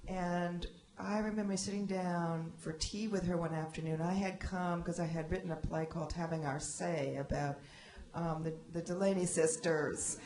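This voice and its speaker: A woman on a library panel reminiscing about a friend, talking in a halting way with many restarts. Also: lowish voice, steady tone, a little mellow. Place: library event room. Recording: echoey hall.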